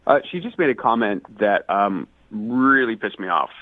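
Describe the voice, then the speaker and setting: A man's voice: lowish voice, lively intonation, moderate pace, no room sound. A man on a radio call-in segment, indignant and exasperated, ranting about a date. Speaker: caller on a radio dating segment. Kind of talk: radio call-in phone conversation. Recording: tinny phone line.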